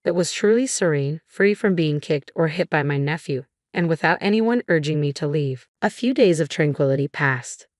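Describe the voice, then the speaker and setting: Female narrator with a deep voice, steady scripted storytelling, dry close voice-over. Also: moderate pace, hardly any pauses, no room sound.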